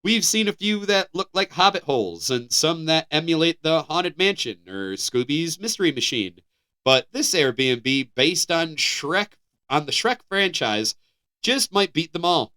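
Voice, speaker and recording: An American man co-hosts a casual podcast, reading headlines aloud and breaking off with laughter and restarts. His voice sits a little high and rings bright and clear. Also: a little slow. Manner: animated, laughing, stumbling restarts while reading. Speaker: podcast co-host.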